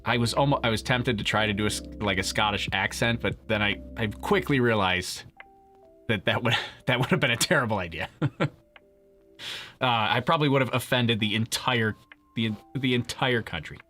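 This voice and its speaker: A man's voice: mid-range voice, moderate pace, pushed and bright, soft background music. A man hosting a live stream, chatting casually with viewers, joking and laughing often. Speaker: livestream host.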